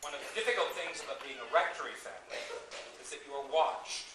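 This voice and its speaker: A middle-aged man tells wry stories in a fairly high voice. He sounds far from the microphone, and his words ring around a roomy hall. Steady background noise runs underneath. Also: fast. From Canada. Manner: wry anecdotal storytelling. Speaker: associate priest. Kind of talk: retirement party speech. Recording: echoey distant recording with noise.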